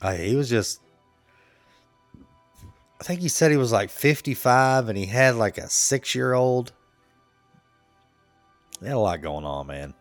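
A man's voice: mid-range voice, animated, a little slow, pauses often, no room sound, soft background music. A man co-hosting a podcast, telling a work-trip story in a laid-back, joking way, laughing often. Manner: laid-back, laughs a lot, acts out quotes. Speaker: podcast co-host. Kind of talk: casual storytelling chat.

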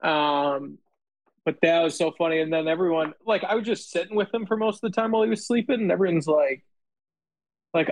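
Lively man telling stories to friends. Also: a little high, brisk, low-quality recording. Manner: animated storyteller acting out quotes. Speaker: host. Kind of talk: casual chat.

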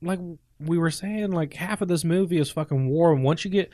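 A man in a casual movie discussion, excitable and swearing freely. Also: a little high, brisk, no room sound. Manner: excitable and profane.

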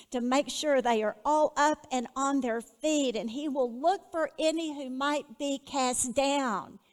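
A woman teaching a Bible lesson in an earnest, measured way, putting questions to her listeners. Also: high-pitched, in a large hall.

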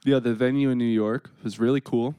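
A man co-hosting a podcast, chiming in with quick dry jokes in casual chat. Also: medium pitch, fairly even intonation, warm tone, smooth, no echo. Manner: quick dry quips, jokey. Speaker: podcast co-host.

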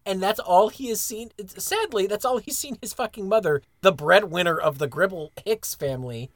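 A podcast co-host in casual chat, animated and laughing often while recounting favorite moments. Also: male voice, high-pitched, normal speed, no room sound.

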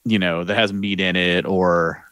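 A man talks through a movie plot on a podcast in a loose, rambling way, leaning on fillers. His voice sits on the low side and is recorded dry and close. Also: fairly even intonation, a little slow, a bit bright, no echo. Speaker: podcast co-host. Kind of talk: casual movie discussion.

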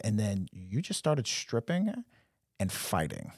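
Animated storyteller man with husky voice. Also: on the low side, a little fast, no room sound. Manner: animated, acts out quotes in different voices. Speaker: podcast co-host. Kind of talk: casual storytelling chat.

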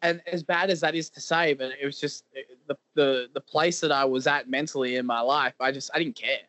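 Halting man with a slightly high voice. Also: steady tone, sharp tone, no room sound. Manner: halting, repeats words, many fillers. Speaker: professional wrestler guest. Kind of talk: candid interview talk.

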